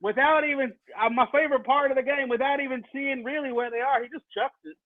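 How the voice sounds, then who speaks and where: A man's voice: very high voice, fairly even intonation, quick pace, dry recording. A man playing a rambling, boastful folksy football coach with a drawl, improvising live over a video call. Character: folksy blowhard male football coach, middle-aged. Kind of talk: improvised comedy character on a live podcast. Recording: dry tinny video-call audio.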